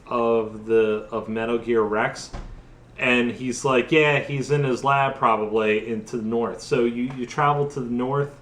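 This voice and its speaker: A man's voice: mid-range voice, fairly bright tone, echoey room. A young adult man casually recapping a video game for laughs, tipsy and rambling with lots of restarts. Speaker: host.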